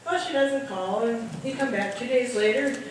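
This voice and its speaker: A woman delivers comic nursing stories with lively, acted-out voices. Her fairly high voice sounds distant, caught from across an echoing hall. Steady background noise sits under the whole recording. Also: moderate pace. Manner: animated, acts out voices of people in her stories. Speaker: nurse telling comic stories. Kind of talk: stand-up comedy storytelling. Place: party hall, heard from far off.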